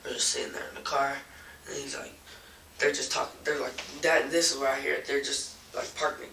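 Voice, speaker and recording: Young male suspect, rambling halting delivery, gravelly edge, distant roomy recording. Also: mid-range voice, flat delivery, bright, forceful tone. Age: young adult. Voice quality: rambling, full of restarts. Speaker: suspect being interrogated. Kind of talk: halting recounting of events. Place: interrogation room. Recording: roomy, from a distance, faint noise.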